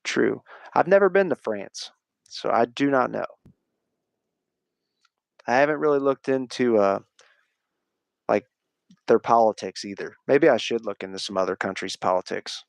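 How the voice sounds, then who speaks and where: A man at middle pitch, rambling through a casual livestream chat. He is opinionated, says "like" often and swears freely. His voice sounds dry and close, with no room sound. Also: normal speed, gravelly, long pauses, no echo. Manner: rambling, profane, opinionated, frequent "like". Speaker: livestream host.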